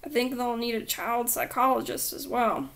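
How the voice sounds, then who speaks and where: A woman's voice: on the high side, normal speed, fairly bright tone. A woman voicing a male police officer who questions a lost child in a plain, matter-of-fact way.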